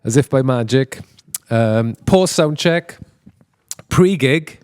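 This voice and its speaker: A man's voice: mid-range voice, expressive, takes it slowly, a little mellow, clear, resonant tone, no echo, studio quality. A man hosting a podcast, chatting casually into a handheld mic, jokey and laughing often, with many restarts. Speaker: podcast host and band member. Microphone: handheld microphone.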